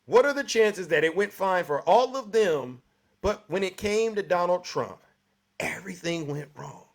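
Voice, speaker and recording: A man hosting a live political call-in show argues with a caller in a pressing, rhetorical style. His voice sits a little high for a man, and he keeps tagging his points with "right?" He often interrupts to take back the floor. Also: animated, normal speed. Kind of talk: argumentative debate with a caller.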